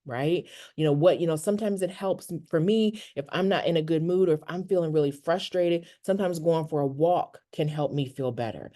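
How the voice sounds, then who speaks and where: A counselor giving an online workshop over a video call, talking in a relaxed, conversational way and often checking in with "right?". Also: medium pitch, normal speed, few pauses.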